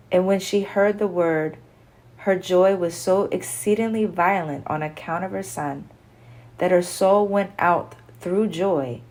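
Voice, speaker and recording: Woman reading scripture aloud, low voice. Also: fairly even intonation, unhurried, darkish tone, low-quality recording. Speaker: scripture reader.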